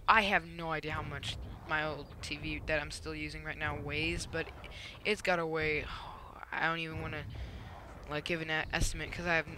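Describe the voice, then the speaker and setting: A young man giving a casual gameplay commentary, telling a rambling, animated story with lots of "um" and "like". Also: fairly high pitch, normal speed, background noise.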